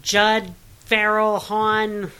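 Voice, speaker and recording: A woman's voice: medium pitch, little pitch movement, extremely slow, sharp tone, clean tone, low-quality recording. A woman co-hosting a podcast, chatting in an opinionated, casual way about TV shows. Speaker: podcast co-host. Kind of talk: casual chat reviewing TV and films.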